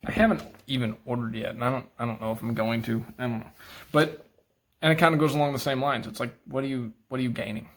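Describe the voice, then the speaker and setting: A man ranting in a casual, rambling monologue, frustrated and profane, with apologetic asides. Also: on the high side. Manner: self-deprecating, apologetic asides. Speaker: knife collector vlogger.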